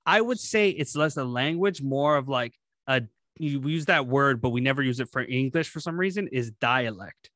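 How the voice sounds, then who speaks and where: Bright-voiced man chatting casually. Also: medium pitch, animated, normal speed, no echo, clean studio sound. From grew up around Guyanese speakers. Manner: rambling, profane, laughs often. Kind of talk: casual chat.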